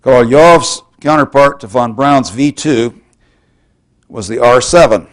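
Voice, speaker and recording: A man from Texas giving a public university lecture in a measured, wry, explanatory way. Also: mid-range voice.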